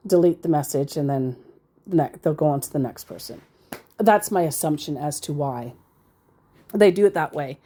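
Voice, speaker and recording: A woman's voice: low voice, lively intonation, normal speed, long pauses, mellow. A woman giving casual, sarcastic commentary as she reads out messages from scammers, rambling into asides. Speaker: scambaiter reading scam chats.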